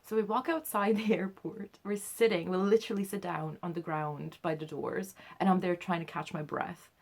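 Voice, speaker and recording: A woman's voice: on the low side, steady tone, normal speed. A young woman telling a story to her camera in a casual, chatty way, peppering her talk with "like" and swearing and acting out her own reactions. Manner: chatty, heavy use of "like" and swearing. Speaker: vlogger.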